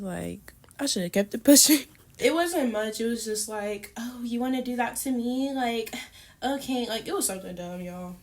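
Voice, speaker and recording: Chatty young woman telling a story. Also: fairly high pitch. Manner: chatty, animated, filler-heavy. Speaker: storytime YouTuber. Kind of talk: casual storytime.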